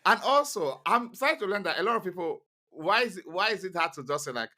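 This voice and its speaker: A man's voice: sits high, expressive, quick pace, pushed and bright. A man with a Scouse accent co-hosting a podcast, teasing and insistent as he argues his point. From northern England. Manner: teasing, insistent, repeats himself for emphasis. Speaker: podcast co-host. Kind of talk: casual podcast chat.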